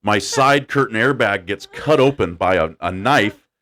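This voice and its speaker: Animated man telling a story. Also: fairly low pitch. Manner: animated, laughing storyteller doing quick voices. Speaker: podcast host. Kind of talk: casual storytelling chat.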